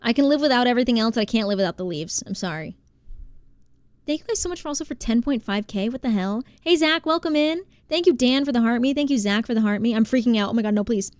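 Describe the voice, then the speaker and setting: A woman from New Jersey, live streaming and chatting casually while she plays, reading out and thanking her chat, quick to exclaim. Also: on the high side, lively intonation, no echo.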